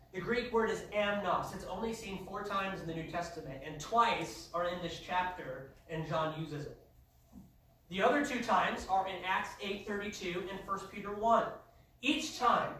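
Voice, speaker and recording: High-voiced man preaching in echoey church. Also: far from the mic, a little hiss or hum. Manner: emphatic preaching, rising to shouts. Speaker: pastor. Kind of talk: sermon. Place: church sanctuary. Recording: echoey church heard from afar.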